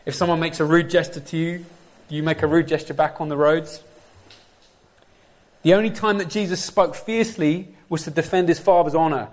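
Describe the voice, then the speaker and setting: Male preacher, middle-aged, lively sermon delivery with questions to the congregation, slightly high voice. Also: fairly quick.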